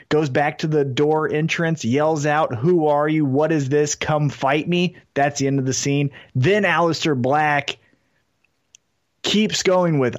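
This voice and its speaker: A man co-hosting a podcast, chatting casually and excitedly about wrestling, swearing often and acting out scenes he pitches. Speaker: podcast co-host.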